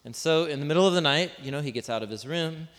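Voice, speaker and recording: Talking fast in a slightly high, fairly bright voice, this pastor preaches informally to a live congregation gathered in a large room. Asides, rhetorical questions and self-deprecating humor fill his sermon, and a long hall reverb hangs over the recording.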